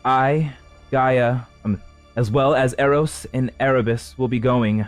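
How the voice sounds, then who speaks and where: A man voicing a commanding woman who leads a council, proclaiming in a raised, forceful voice. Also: mid-range voice, steady tone, measured pace, faint music behind, pitched above the performer's own voice, lightly acted. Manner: proclaiming, rallying a crowd.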